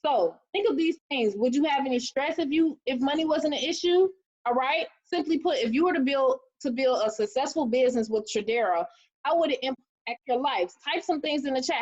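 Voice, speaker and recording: Woman, thirties, high voice, animated motivational webinar talk, lo-fi dull audio. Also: fairly quick. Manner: animated, preachy, acts out quotes in a high voice. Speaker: team leader.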